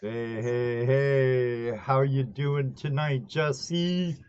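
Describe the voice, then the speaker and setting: A man's voice: medium pitch, steady tone, very slow, darkish tone, clean tone, dull audio. A man from the northern United States hosting a casual live video-call hangout, chatty and joking at his own expense. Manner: folksy, chatty, self-joking. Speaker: host. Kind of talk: casual live-stream chat.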